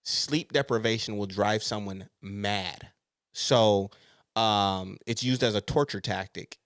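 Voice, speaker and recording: A man's voice: on the low side, takes it slowly, fairly bright tone, no room sound, clean studio sound. A young man co-hosting a podcast, talking bluntly and openly, with frequent swearing, in casual chat. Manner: blunt, profane, confessional. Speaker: podcast co-host.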